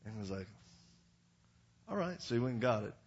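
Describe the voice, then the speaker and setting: A man's voice: on the low side, racing. Older male preacher telling a story. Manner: animated, acts out quotes with sudden loud bursts. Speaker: evangelist preacher. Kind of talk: storytelling sermon. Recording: dull lo-fi sound.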